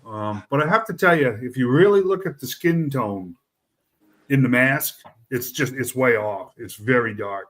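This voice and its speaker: A man's voice: mid-range voice, animated, normal speed, fairly bright tone. A middle-aged man, hosting a casual chat and rambling through his points with fillers and restarts.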